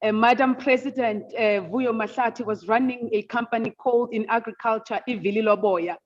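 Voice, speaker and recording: Woman moderator, high voice, heartfelt, lo-fi video call sound. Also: fairly even intonation, brisk. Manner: emotional, tribute-giving, many fillers. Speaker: event moderator. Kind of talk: formal virtual seminar moderation. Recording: dull lo-fi video call audio.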